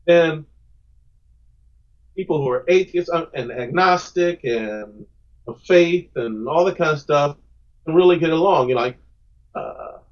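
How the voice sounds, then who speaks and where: Over lo-fi audio, a man with a fairly high voice responds to a podcast interviewer's questions about his comics. This guest creator speaks earnestly and emphatically, frequently repeating words when beginning a thought.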